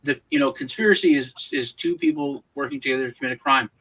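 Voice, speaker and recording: Bright, halting American man talking. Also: medium pitch, creaky, slightly rough, rough recording. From United States. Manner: halting, many restarts and repeated words; animated storyteller. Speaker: podcast co-host. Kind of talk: casual panel discussion.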